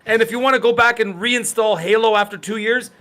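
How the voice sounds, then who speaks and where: A male co-host on a gaming podcast, earnest and joking in casual chat. His voice is bright and forceful, sitting somewhat high for a man. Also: fairly even intonation, a little fast.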